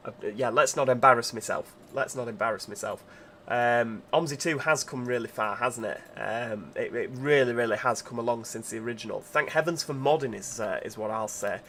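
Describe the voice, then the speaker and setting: A man's voice: medium pitch, fairly bright tone, slight background noise. A man, chatting casually while he streams a game and greets viewers. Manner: chatty, reads out chat messages while driving. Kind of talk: casual livestream commentary.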